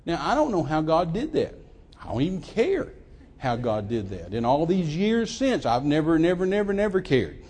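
An older man, preaching a sermon as a lively story, often repeating words, on a handheld mic in a church. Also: on the high side, normal speed, husky. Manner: animated, repeats words, acts out quoted voices. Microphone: handheld microphone.

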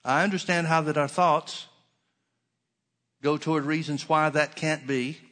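This is a male preacher giving a sermon, earnestly circling back to key phrases and lingering slowly over the scripture he cites. The voice is somewhat high, pushed and bright, with intonation that stays fairly even.

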